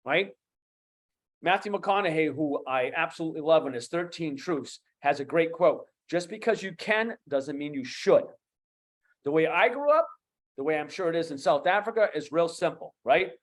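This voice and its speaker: A man in his fifties with a Boston accent, speaking as a guest coach on an online talk show, animated and emphatic, repeating key phrases. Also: fairly high pitch. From USA. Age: 50s.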